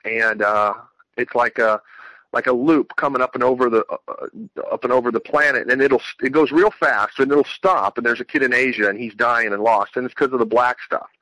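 A man recounting a personal religious testimony in an earnest, rambling way, often restarting his sentences. His voice is bright and forward, and the recording is dry and close with no room sound. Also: medium pitch, moderate pace, no echo, rough recording. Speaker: Christian speaker sharing testimony.

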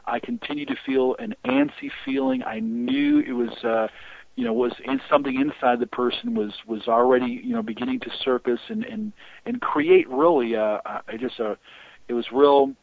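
A man with a gravelly voice speaks over a thin, phone-like line, his pitch rising and falling a lot as he tells his story. He rambles and halts, restarting his sentences often. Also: no echo. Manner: rambling, halting with many restarts. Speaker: guest on deliverance ministry. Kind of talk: storytelling interview talk. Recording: tinny phone-line audio.

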